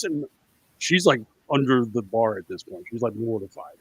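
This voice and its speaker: A man co-hosting a casual podcast chat, swearing freely and acting out quotes in a loud, higher voice. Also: big pitch swings, moderate pace, slightly rough. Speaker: podcast co-host.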